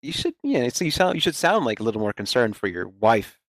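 A woman's voice: extremely low pitch, sing-song, fairly quick, dry recording. A woman hosting a casual game podcast, easygoing and steering the talk. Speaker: podcast host.

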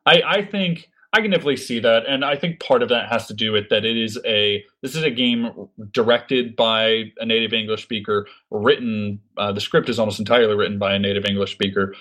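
Man, low-ish voice, measured, thoughtful, casual chat. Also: a bit bright. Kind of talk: casual game discussion.

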